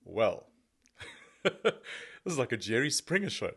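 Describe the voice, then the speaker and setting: A man who is a podcast guest, telling his personal testimony as an animated, self-deprecating storyteller. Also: medium pitch, measured pace, gravelly, husky.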